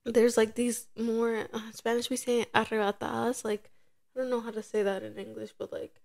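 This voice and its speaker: A woman's voice: on the high side, moderate pace, creaky. A young woman in her twenties co-hosting a casual podcast chat, telling a story with lots of acted-out quotes. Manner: animated storytelling, acting out quoted voices. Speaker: podcast co-host.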